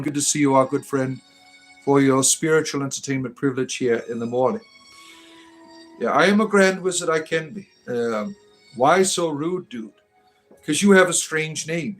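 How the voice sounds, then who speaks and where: A man hosting a casual livestream as a satirical spiritual entertainer, reading chat comments aloud with joking asides and filler ums. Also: on the high side. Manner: rambling, joking, reads viewer names aloud with filler ums.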